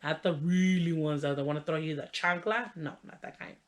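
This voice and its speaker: A woman's voice: low-pitched, moderate pace. Chatty young woman telling a story. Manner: chatty, heavy use of "like" and "you know" fillers; laughs while telling the story. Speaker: vlogger. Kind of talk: casual storytelling.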